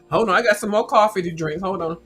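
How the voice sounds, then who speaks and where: A woman's voice: mid-range voice, poor audio. Sassy, blunt woman chatting while snacking. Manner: sassy, blunt, cusses freely, chews loudly into the mic. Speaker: livestream host. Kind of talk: casual chat while snacking.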